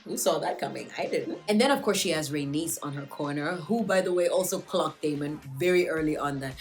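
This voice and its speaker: A woman's voice: low voice, fairly quick, faint music behind. A woman recapping a TV episode in a casual vlog, joking and slangy. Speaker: TV show reviewer.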